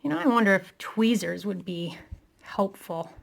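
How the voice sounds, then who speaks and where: A woman's voice: medium pitch, animated, normal speed, vocal fry. A woman chatting casually through a craft tutorial, talking to herself as she works, self-deprecating and a little out of breath.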